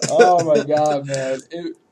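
A man telling a story in casual chat, laughing often, swearing freely and acting out what people said. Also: a little high.

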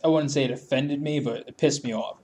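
A man's voice: medium pitch, steady tone, fairly quick, darkish tone. A man chatting casually as podcast co-host, ranting profanely and laughing often. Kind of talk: casual chat.

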